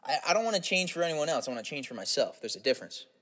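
A man's voice: a little high, big pitch swings, rapid-fire, a bit bright. A young man rambling through a casual, profane comic podcast monologue. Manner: casual, profane, slips into silly put-on voices. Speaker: podcast host.

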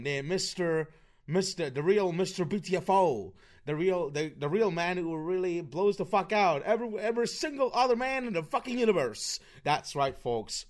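A man hosting his own livestream podcast, ranting excitably and swearing freely in casual talk. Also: a little high. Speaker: podcast host.

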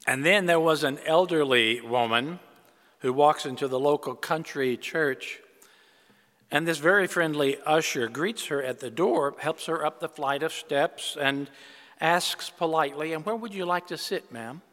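An older male preacher delivering a sermon in a church. His voice sits slightly high for a man. A long reverb trails behind him as he tells stories and then speaks earnestly. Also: measured pace, a bit bright.

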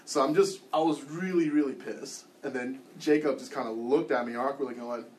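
A man's voice: medium pitch, normal speed, darkish tone, a little hiss or hum. A man teaching a church class, leading a group, telling a personal story with wry self-deprecating humor in a loose, conversational way. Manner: loose and conversational, frequent ums and restarts.

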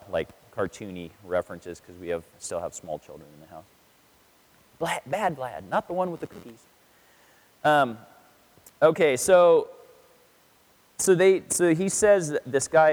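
A man preaching a casual sermon as a pastor, telling stories and acting out quotes in different voices. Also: medium pitch. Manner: chatty storytelling, acts out quotes in voices. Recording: long reverb of a hall.

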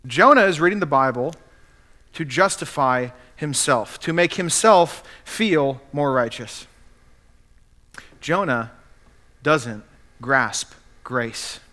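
A man's voice: fairly high pitch, animated, slow, bright, forceful tone. A man preaching a sermon as pastor, earnestly acting out the quotes he cites.

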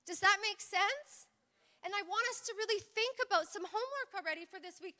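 A woman's voice: very high-pitched, animated, fairly quick, sharp tone. A woman preaching a sermon, telling personal stories and drawing amens from the congregation. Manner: personal storytelling with call-and-response amens. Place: church hall. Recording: long hall reverb.

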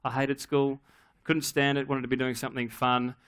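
A middle-aged man preaching a sermon, telling a family story in a relaxed, humorous, conversational way. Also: mid-range voice, moderate pace, clear, resonant tone. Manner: acts out his daughter's voice in quotes. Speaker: pastor.

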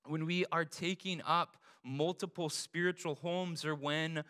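A young man preaching a casual sermon, chatty and animated, often tossing in "right?" as he tells a story. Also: fairly high pitch, measured pace. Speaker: pastor.

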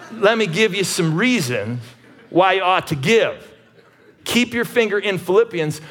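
Emphatic husky-voiced male pastor preaching. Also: on the high side. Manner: preachy, emphatic, conversational, many restarts. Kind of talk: sermon.

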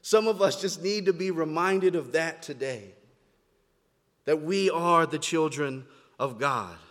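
A man with a fairly high voice preaches to a congregation. He moves between soft, reflective passages and loud, emphatic declarations. His words ring out with a long reverb through a large hall. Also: lively intonation, unhurried. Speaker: pastor. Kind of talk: sermon. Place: church sanctuary, standing before a congregation.

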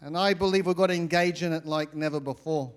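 Australian male pastor, somewhat high voice, animated sermon with jokes and asides to the congregation. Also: quick pace.

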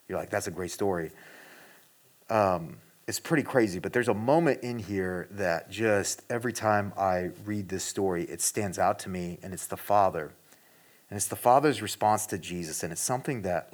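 A man preaching a casual, conversational sermon to a gathered congregation, earnest and direct, with many fillers and restarts. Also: low-pitched. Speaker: pastor.

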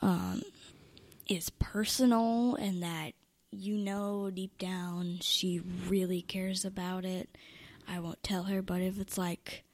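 A teenage girl talking casually about her younger siblings, giggling and often dropping into a soft near-whisper. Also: fairly low pitch, steady tone, slow pace, no echo. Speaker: interviewee, older sibling. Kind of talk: casual family interview.

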